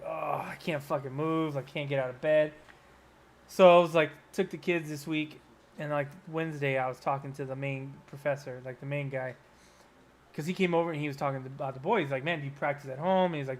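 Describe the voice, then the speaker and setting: A man in his thirties co-hosting a podcast, telling stories in casual chat, animated and swearing freely. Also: on the high side, a little fast. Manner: animated storyteller, swears a lot. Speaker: podcast co-host.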